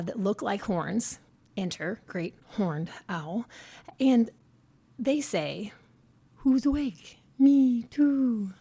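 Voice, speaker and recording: A woman's voice: medium pitch, gravelly, darkish tone. A woman who studies birds, hosting an informal educational podcast and explaining things in a chatty, plain way with some fillers. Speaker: podcast host and avian ecologist.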